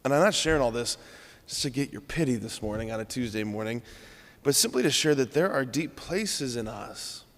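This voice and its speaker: A man's voice: mid-range voice, animated, fairly quick, a bit bright, big-room sound. A man, a Catholic priest, giving an earnest, conversational homily in a church.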